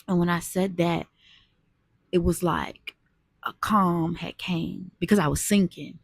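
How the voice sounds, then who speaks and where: Woman, casual storytime monologue, low husky voice with fry, earnest and chatty. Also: unhurried, no room sound, clean studio sound. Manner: earnest, conversational, addresses viewers as "y'all".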